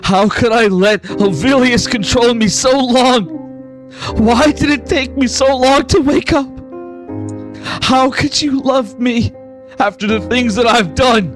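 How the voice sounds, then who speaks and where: Man doing a tearful remorseful hero, stammering, raised-pitch voice over music. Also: animated, takes it slowly, long pauses. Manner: sobbing, stammering apologies.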